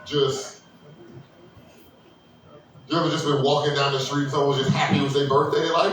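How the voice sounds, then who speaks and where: A man doing a stand-up comedy set, loud and crude, acting out characters in high squealing voices. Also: level tone, moderate pace, long pauses, crowd noise. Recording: echoey room, mic heard from a distance.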